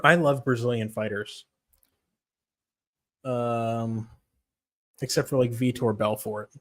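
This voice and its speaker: A man's voice: medium pitch, fairly even intonation, takes it slowly, long pauses, fairly bright tone. A young man chatting casually on a stream, rambling, swearing freely and laughing often. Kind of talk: casual MMA stream chat.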